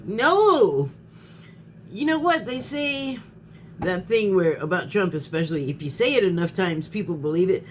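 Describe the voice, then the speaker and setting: A woman's voice: lowish voice, lively intonation, moderate pace, a little hiss or hum. Heated rambling woman vlogger. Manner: rambling, heated, laughs often, restarts sentences. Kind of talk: casual spoken monologue.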